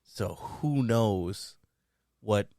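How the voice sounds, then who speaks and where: A man co-hosting a casual podcast chat, relaxed and laughing easily as he offers his theories. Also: on the low side, very slow, dry recording, studio quality. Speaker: podcast co-host. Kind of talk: casual chat about movies and games.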